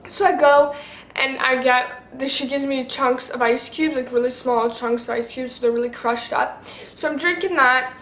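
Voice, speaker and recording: A teenage girl with a high voice chats to her camera, telling a story in a loose, rambling way full of fillers and restarts. She is recorded in an echoey room with a faint hum behind her. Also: steady tone, moderate pace, fairly bright tone. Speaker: vlogger.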